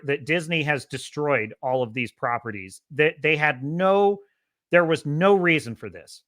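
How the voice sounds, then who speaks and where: A man hosting a casual livestream podcast, opinionated and animated, sliding into heated ranting about culture and movies. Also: a little high. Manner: imitates radio DJ cadence. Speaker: podcast host.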